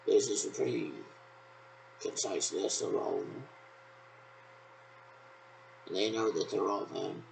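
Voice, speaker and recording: A man's voice: lowish voice, unhurried, gravelly, pauses often, a little hiss or hum, rough recording. A man in a rambling, repetitive monologue that loosely strings thoughts together, recorded on a laptop webcam.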